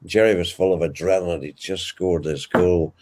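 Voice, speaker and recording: Deep-voiced older Northern Irish man. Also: normal speed. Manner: animated, vivid storyteller. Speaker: interviewee, veteran sports commentator. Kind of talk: anecdotal storytelling.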